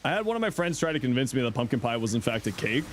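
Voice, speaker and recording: A man's voice: medium pitch, very animated, quick pace, slight background noise. A middle-aged man chatting casually on his livestream, answering chat in a playful, teasing way and laughing often.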